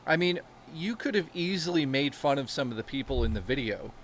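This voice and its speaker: A man's voice: mid-range voice, animated, a little fast, fairly bright tone, slight background noise. A man hosting a casual stream chat, talking enthusiastically and swearing casually. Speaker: stream host.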